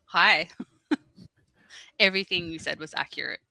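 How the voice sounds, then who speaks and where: An Australian woman with a low voice and a bright, crisp edge to it, chatting as a podcast guest. She gives short, amused answers, and the sound is dry and close. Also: measured pace, dry recording. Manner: brief, amused replies. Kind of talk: casual chat.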